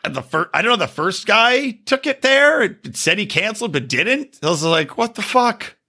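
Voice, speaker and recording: A man's voice: high-pitched, very animated, moderate pace, bright, forceful tone, breathy edge. A middle-aged man telling a story in casual chat, swearing freely and acting out both sides of phone calls. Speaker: podcast co-host.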